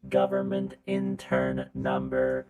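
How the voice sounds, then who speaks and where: A man voicing a deadpan male escort robot in a tabletop game, speaking in clipped, literal robotic phrases. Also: rumbling low, takes it slowly, exaggerated voice. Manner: flat, clipped robotic delivery. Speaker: game master.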